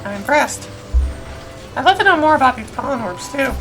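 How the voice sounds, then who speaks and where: A woman voicing an earnest, gentle young male hero, speaking softly and politely over game music. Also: sits high, very animated, brisk. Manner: soft, polite, a bit hesitant.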